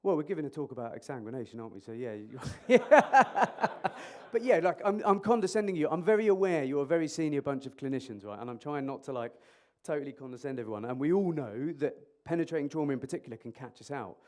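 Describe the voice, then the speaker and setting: Talking fast with few pauses in a medium-pitched voice, a man presents as an emergency clinician at a conference. In the hall he uses a microphone for an animated, jokey interactive talk, quizzing the audience.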